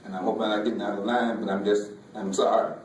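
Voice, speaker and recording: A man, a folk artist, giving an emotional personal talk in a halting way, often repeating words, with Southern vernacular. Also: fairly low pitch, little pitch movement, slight background noise. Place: museum lecture hall. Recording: echoey hall, voice from far off.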